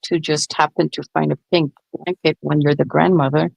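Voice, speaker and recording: A woman's voice: deep voice, little pitch movement, fairly quick, gravelly, a little mellow, no echo, dull audio. A woman co-hosting a casual true-crime chat, asking questions and agreeing along. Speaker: co-host.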